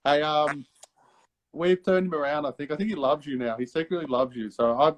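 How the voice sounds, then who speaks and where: An older man with an Australian accent hosts a relaxed live interview, his voice sitting a little high for a man. He is friendly and easygoing, laughs often and keeps calling his guest mate, and he sounds like he is on a video call. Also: fairly quick. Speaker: host. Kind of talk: casual interview chat.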